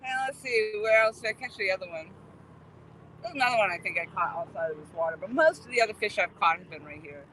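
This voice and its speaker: A woman's voice: medium pitch, animated, fast talker, pushed and bright, a little hiss or hum. A woman hosting a fishing livestream from a riverbank, chatting with viewers by name and laughing easily. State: out of breath. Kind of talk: casual live chat with viewers. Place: outdoors by a river.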